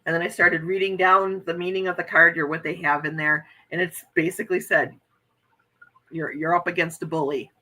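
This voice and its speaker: A woman's voice: lowish voice, little pitch movement, moderate pace, bright, forceful tone, poor audio. An American woman hosting a casual livestream chat, talking earnestly and reading viewer comments aloud. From United States.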